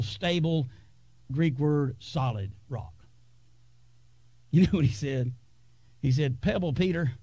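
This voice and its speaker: A man delivers a sermon from the pulpit in a fairly high voice. He builds with dramatic pauses and sometimes sinks to a hush. The recording is close and dry, with little room sound. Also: no room sound. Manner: preaching with dramatic pauses and sudden hushed drops. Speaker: pastor. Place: church sanctuary.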